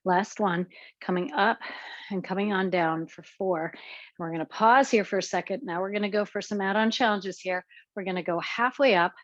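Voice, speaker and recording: A woman's voice: medium pitch, moderate pace, dry recording, lo-fi sound. A woman leading an exercise class, talking students through each move and counting reps, a little out of breath as she works along. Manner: cueing moves while exercising, counting reps. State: slightly out of breath. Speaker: fitness instructor.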